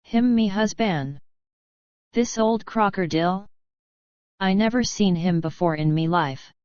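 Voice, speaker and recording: A woman's voice: mid-range voice, a little slow, a little mellow, no room sound, highs cut off, natural voice. A woman voicing a bold, scheming Irish-Australian widow, speaking with an Irish brogue mixed with a bush drawl. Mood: defiant. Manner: mellifluous, brazen.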